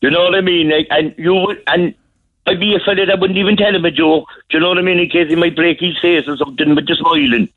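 Brief: Cork man, husky and fairly high, rambling caller on a tinny phone line. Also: fast. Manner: rambling storyteller, lively. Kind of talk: casual phone-in chat.

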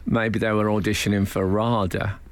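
A man's voice: lowish voice, little pitch movement, normal speed, no room sound. A man hosting a radio show in a studio, chatting in a rambling, playful way with many asides. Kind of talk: casual radio banter. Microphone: studio microphone.

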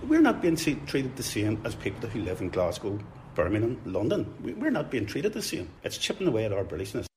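A man's voice: lowish voice, very animated, a little fast, a little hiss or hum. An older man, a pensioner, answering a street interview in a firm, emphatic way.

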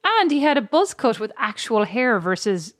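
A woman's voice: on the high side, sing-song, normal speed, no echo. A woman with an Irish accent co-hosting a chatty podcast, rambling and restarting her sentences and laughing often. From Ireland. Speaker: podcast co-host. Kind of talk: casual chat.

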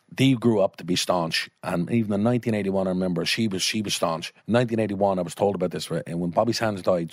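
An Irish man in casual conversation with a low voice. He tells a story with swearing and quick put-on voices. The recording is dry and close. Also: dry recording. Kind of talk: casual anecdote.

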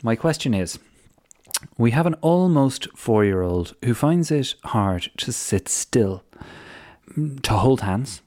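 A man's voice: medium pitch, expressive, slow pace, a little mellow. A man hosting a casual podcast, reading out listener emails in a jokey, easygoing way. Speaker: podcast host.

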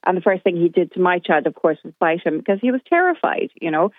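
Calling a radio program over a tinny phone line, an indignant middle-aged woman tells what happened to her. She speaks quickly in a lowish voice, her pitch swinging widely, and there's no echo.

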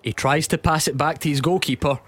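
Husky Scottish radio host. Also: male voice, on the high side, a bit bright. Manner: jokey, quick to laugh. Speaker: radio football show host. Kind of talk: casual studio chat and score updates. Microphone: studio microphone.

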